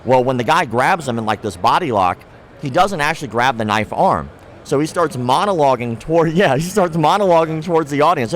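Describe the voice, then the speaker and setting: Outdoors at a trade show, a young martial arts content creator sits in as a guest for a casual interview, telling stories a little fast in a fairly high voice. Lively and profane, he swears freely and performs the voices of people he quotes. Slight background noise is audible.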